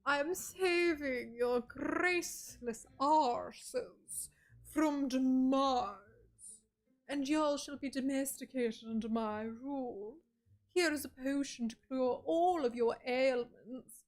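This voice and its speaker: A woman voicing an uppity, know-it-all old witch grandmother who speaks in a haughty, drawn-out, condescending way. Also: high-pitched.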